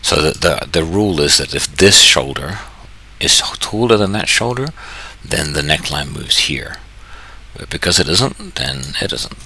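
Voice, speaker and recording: A man from New Zealand talks through his screen in a casual walkthrough, thinking out loud and cracking jokes at himself. His voice is very deep and gravelly, yet sharp and bright on top. A faint background noise runs beneath him. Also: lively intonation, a little slow. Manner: thinking aloud, self-correcting, jokey. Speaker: trading channel host.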